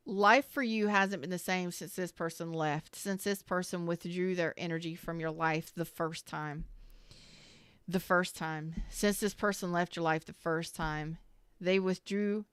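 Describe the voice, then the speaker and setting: A woman's voice: on the low side, fairly even intonation, a little slow, fairly bright tone, clean tone, no room sound. A woman giving a live-streamed tarot reading, talking in a rambling, candid and emotional way with casual swearing while close to tears. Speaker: tarot reader.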